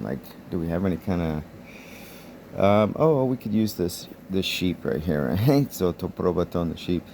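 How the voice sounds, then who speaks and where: Deep-voiced man teaching, relaxed. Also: a little hiss or hum. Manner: relaxed and thinking aloud, pausing to recall words; chuckles lightly while explaining. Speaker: Koine Greek teacher. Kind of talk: casual explanatory lesson.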